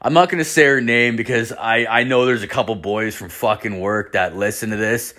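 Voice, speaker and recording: A man's voice: lowish voice, steady tone, a little fast, sharp tone. A man hosting a podcast, telling rambling stories in casual, profane slang. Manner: rambling, swears constantly, slangy. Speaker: podcast host.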